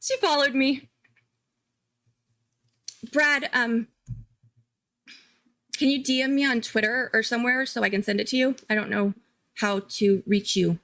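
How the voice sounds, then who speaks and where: A woman hosting a casual live-stream commentary, chatty and excitable, thinking aloud and laughing often. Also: a little high, a little slow, pauses often. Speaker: true-crime commentary host.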